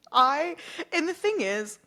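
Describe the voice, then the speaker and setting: A woman's voice: high voice, sharp tone. A woman co-hosting a casual podcast, giggly and rambling with many fillers. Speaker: podcast co-host. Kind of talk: casual chat.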